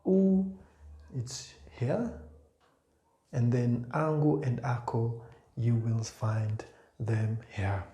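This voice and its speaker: Male tutor, slow and patient, mellow tone, reverberant room. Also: mid-range voice. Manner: repeats words patiently, pointing at a board. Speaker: language teacher. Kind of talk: slow spoken language lesson. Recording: echoey room.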